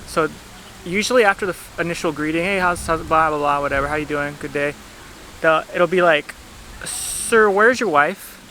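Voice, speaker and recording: A man's voice: a little high, fairly even intonation, brisk, bright, forceful tone, a little hiss or hum. A man vlogging outdoors at a beach, telling a travel story in a chatty, rambling way with lots of "like". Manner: chatty, rambling, heavy use of "like". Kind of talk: casual storytelling to camera.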